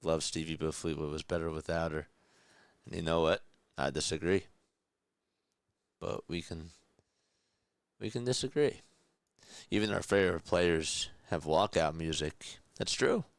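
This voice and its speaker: Deep, gravelly-voiced man, calm play-by-play. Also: moderate pace, no room sound. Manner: calm, hushed, keeping voice down; reads chat messages aloud between pitches. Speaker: play-by-play host. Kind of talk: quiet radio-style play-by-play and chat.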